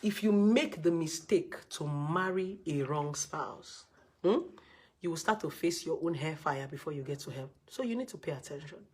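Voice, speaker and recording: Speaking at normal speed in a low, husky voice, she hands out blunt relationship advice. Her emphatic talk is repetitive and scolding, hammering points home by saying the same words again.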